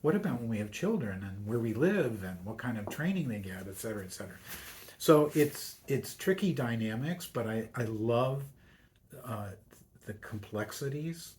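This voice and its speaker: A man's voice: mid-range voice, sing-song, moderate pace, a little mellow. An older man, a university chaplain and priest, speaking as a guest in a radio interview, telling stories in a reflective way and acting out the voices of the people he quotes.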